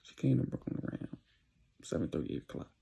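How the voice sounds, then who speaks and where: A young man with a fast, mellow voice tells a casual storytime tale about dating for his vlog. He speaks in loose street slang, full of "you know"s.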